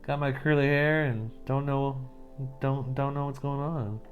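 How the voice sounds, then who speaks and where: A man voicing a curious, puzzled curly-haired anime boy in a soft, wondering tone. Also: medium pitch, steady tone, measured pace, phone-quality sound, faint music behind, natural voice.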